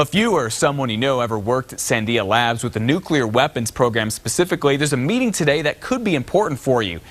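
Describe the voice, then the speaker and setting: Male TV news anchor, mid-pitched, steady scripted headline read. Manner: smooth, steady newsreader delivery.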